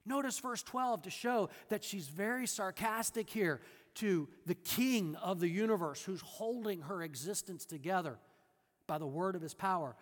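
A man preaching a sermon as a pastor, animated, acting out the voices of the people in the story, then dropping to a quiet, earnest tone. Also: high-pitched, normal speed, in a large hall.

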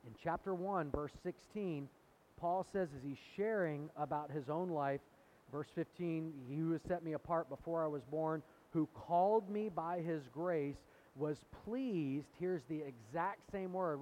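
A man's voice: on the high side, measured pace, darkish tone, rough recording. A man preaching a sermon, teaching in a conversational way, quoting scripture and putting questions to his listeners. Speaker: pastor. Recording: faint hiss.

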